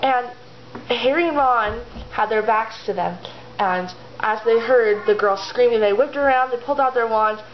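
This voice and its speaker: A woman's voice: fairly high pitch, normal speed, a little hiss or hum. A woman vlogger casually retelling a story, rambling and chatty, full of fillers. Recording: slightly dull lo-fi home video audio.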